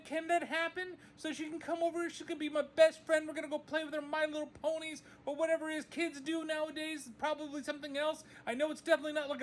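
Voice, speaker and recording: A man putting on an excited teenage girl's voice, squealing high and gushing breathlessly over her new best friend. The delivery is bubbly and rushed, with a faint hum of background noise. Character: giddy, gushing teenage girl fan.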